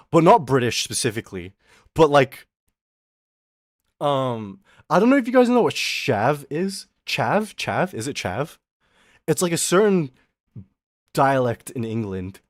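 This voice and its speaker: Lively, slow-talking male streamer. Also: mid-range voice, no echo, clean studio sound. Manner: rambling, playful, talks to chat. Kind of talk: casual live-stream chat.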